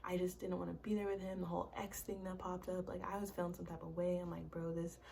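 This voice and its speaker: A woman's voice: fairly low pitch, quick pace, creaky, a little hiss or hum. Chatty young woman telling a story. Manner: chatty, animated, peppered with "like" and swearing. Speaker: vlogger. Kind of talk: casual storytime vlog.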